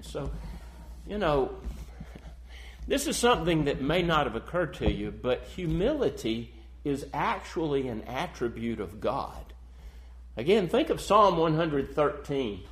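Slow, deliberate male preacher. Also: medium pitch. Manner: slow, measured preaching that swells in emphasis; reads scripture in solemn King James cadence. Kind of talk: sermon.

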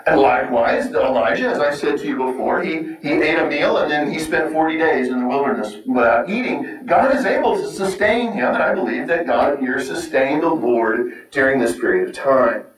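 A man's voice: medium pitch, expressive, normal speed, few pauses, a crowd in the background. A man preaching a sermon in an earnest, conversational teaching manner, often repeating words and asking rhetorical questions. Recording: echoey room, mic far off.

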